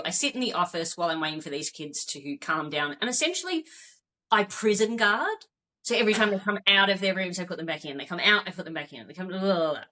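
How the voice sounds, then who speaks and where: An Australian woman co-hosting a podcast over a video call, telling stories with lively, laughing energy. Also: mid-range voice. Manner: animated storytelling with laughs. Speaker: podcast co-host.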